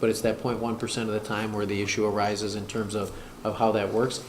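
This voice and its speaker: A man's voice: fairly low pitch, flat delivery, brisk. A man speaking as a school district administrator at a board work session, talking hesitantly with many fillers and restarts. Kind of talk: meeting discussion. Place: school board meeting room. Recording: echoey room, noisy, far mic.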